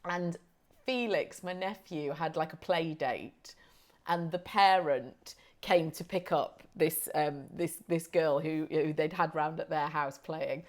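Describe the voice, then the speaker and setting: A woman's voice: low voice, slow. Chatty woman podcast co-host. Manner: chatty storyteller, laughs often. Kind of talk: casual chat.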